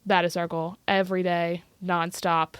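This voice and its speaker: A woman who teaches youth violence prevention, telling stories in a podcast interview in an earnest, animated way with frequent "like". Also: on the low side, normal speed, clear, resonant tone, dry recording.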